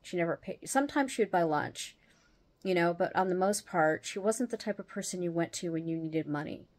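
A woman hosting her own show, telling a personal story in a casual, animated way and laughing as she goes. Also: on the low side, fairly quick. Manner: animated, acts out the other people's lines as she retells them; laughs often while telling. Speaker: host.

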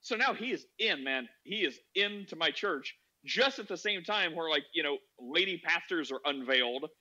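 Male podcast guest, high and sharp-toned, loose rambling storyteller, muffled lo-fi sound. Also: lively intonation, moderate pace. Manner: rambling, heavy use of "like" fillers. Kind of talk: casual anecdote telling. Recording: dull lo-fi audio.

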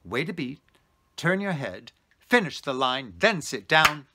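A man voicing the ghost of a stately older stage comedian who gives measured, commanding instructions. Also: a little high, very animated, noisy background. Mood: instructive.

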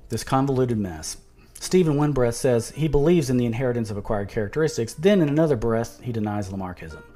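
A man's voice: medium pitch, dark tone. A man in an argumentative video monologue who reads quotes aloud, restarts words and turns sarcastic. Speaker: video commentator.

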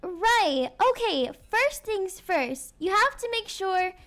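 A woman's voice: very high-pitched, very animated, takes it slowly, fairly bright tone. A young woman doing game role-play as a mother, giving bossy, step-by-step instructions. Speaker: roleplay narrator playing a mother.

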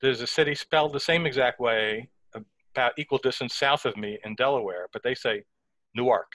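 A man's voice: mid-range voice, a little fast, pushed and bright, no echo, poor audio. An American man chatting on a video call, skeptical and talkative. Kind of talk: casual chat.

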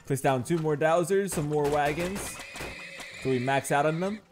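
A man's voice: a little high, moderate pace, over music. A man giving casual let's-play commentary on a game, joking and playfully mock-angry as he bosses his in-game workers around. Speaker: gaming channel host.

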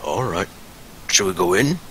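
A man's voice: sits low, expressive, a little slow, pushed and bright, a little hiss or hum. A man playing a tabletop game, speaking eagerly in character. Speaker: player.

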